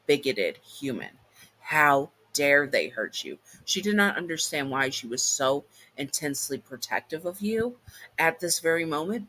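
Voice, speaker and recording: A man's voice: a little high, bright, forceful tone. A man casually narrating a second-person fan audio story, stopping to correct his own slips aloud.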